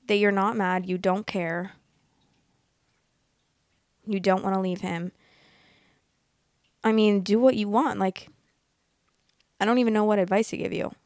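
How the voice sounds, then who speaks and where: Chatty excitable young woman, dry sound. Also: mid-range voice, a little slow, pauses often, no room sound. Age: late 20s. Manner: candid, excitable, swears freely, laughs often. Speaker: podcast host reading Reddit stories. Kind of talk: casual chat and reading posts aloud.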